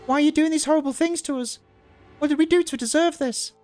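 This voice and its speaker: A man voicing a panicked young woman who screams and pleads frantically in a shrill voice. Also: quick pace, darkish tone, faint music behind. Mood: hysterical.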